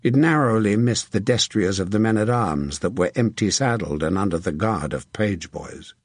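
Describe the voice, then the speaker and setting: Male audiobook narrator: husky, low-pitched, measured delivery. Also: no room sound, clean studio sound. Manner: steady measured storytelling. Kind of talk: scripted narration.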